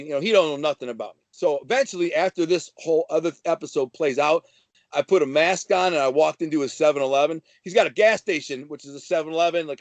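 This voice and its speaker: A man's voice: fairly high pitch, no room sound. A man telling a wild story in casual, brash, slangy talk. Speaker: guest telling prison-life stories.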